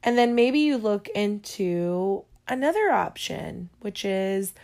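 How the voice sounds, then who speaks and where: A woman giving casual, rambling advice to her viewers, pausing often and yawning between points. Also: medium pitch, sing-song, a little mellow. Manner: chatty, digressive, yawning often.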